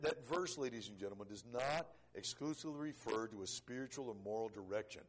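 A middle-aged man preaching a sermon, earnest, swinging between loud emphasis and quiet, low-voiced stretches. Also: slightly rough. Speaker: pastor.

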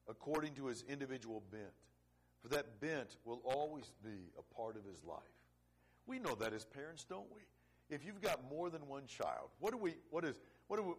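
A middle-aged man preaching a sermon, earnest, swinging between loud emphasis and quiet, low-voiced stretches. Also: breathy edge. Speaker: pastor.

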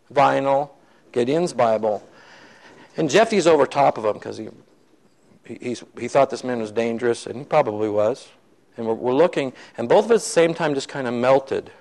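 A man's voice: mid-range voice, animated, moderate pace, vocal fry, pauses often, a little mellow, rough recording. A man preaching, telling a story to his congregation and acting out the voices of the people in it. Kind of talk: sermon storytelling.

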